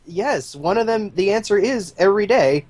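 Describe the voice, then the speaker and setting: A man's voice: high-pitched, expressive, normal speed, darkish tone. A man appearing as a podcast guest, chatting casually in a laid-back way and laughing at himself. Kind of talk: casual chat.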